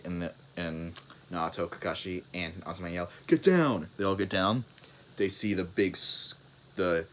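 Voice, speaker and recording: A young man with a deep, low voice makes up a fan story as he goes, stopping, restarting and reaching for words. A faint hiss of noise sits under the recording. His telling is loose and unscripted. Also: fairly bright tone, poor audio. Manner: halting, rambling, with many restarts and fillers. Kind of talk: improvised spoken fan story.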